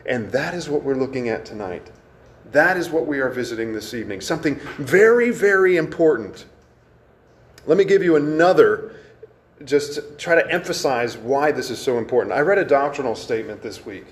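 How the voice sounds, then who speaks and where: A man preaching to a congregation in a conversational teaching style, asking questions of the room and slowing down to stress key words. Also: medium pitch, expressive. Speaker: pastor.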